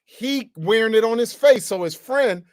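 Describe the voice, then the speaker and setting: Animated, slangy New teacher. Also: male voice, very high voice, normal speed, no room sound, clean studio sound. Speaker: Bible teacher. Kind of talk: casual Bible teaching.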